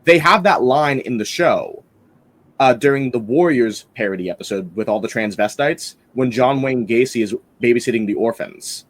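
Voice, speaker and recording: A man's voice: mid-range voice, expressive, normal speed. A man hosting a casual film-review podcast, rambling enthusiastically with lots of fillers and restarts.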